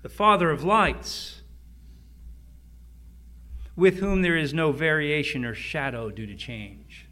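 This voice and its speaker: Middle-aged preacher guy, bright kinda high voice, repeats lines, goes real quiet for the big bits. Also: slow pace, pauses often. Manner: preaching with dramatic drops to near-whispers and emphatic repeats. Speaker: pastor. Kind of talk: sermon.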